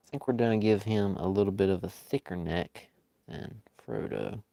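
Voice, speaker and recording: A man's voice: on the low side, moderate pace, gravelly, warm tone, no room sound. A man chatting casually with his viewers as he draws live, in an easygoing, rambling way. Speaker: live-stream artist. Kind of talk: casual chat while drawing.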